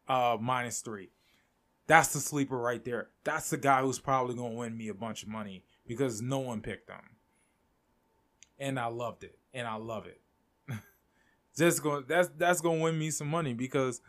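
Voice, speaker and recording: A young man hosting a casual solo podcast, excitable and rambling, laughing often and restarting his sentences. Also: mid-range voice. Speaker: podcast host.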